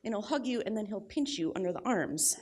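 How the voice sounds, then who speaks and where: A young adult woman telling a personal story at a live storytelling event, blunt and crude with deadpan humor. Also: mid-range voice, brisk, slightly rough.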